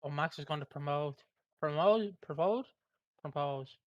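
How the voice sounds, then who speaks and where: A man's voice: on the high side, no echo, lo-fi sound. A man co-hosting a live watch party, cracking teasing jokes and laughing often. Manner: teasing, jokey, quick to laugh. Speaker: co-host reacting to a soap episode. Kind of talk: casual watch-party chat.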